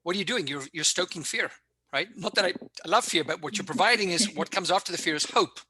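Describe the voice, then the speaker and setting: Energetic guy coaching speakers on a video call, pushy and emphatic, tense bright tone. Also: sits high, fast talker, slight background noise. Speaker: public speaking instructor. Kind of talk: live online workshop coaching.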